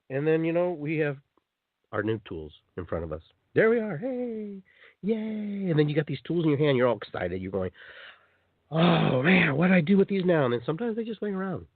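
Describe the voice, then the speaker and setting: A man hosts a live spiritual talk show on the radio, his voice husky and rising and falling a lot. He jumps into playful voices to act out little scenes. The sound is narrow and phone-like, dry and close. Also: a little high, no echo. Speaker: host.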